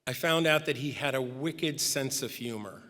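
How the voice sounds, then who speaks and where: Middle-aged man, eulogy storyteller, wry anecdotes, ordinary pitch, big reverberant church. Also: moderate pace. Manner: anecdotal, gently humorous storytelling. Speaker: speaker giving a memorial tribute. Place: large church sanctuary. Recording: long reverb in a church hall.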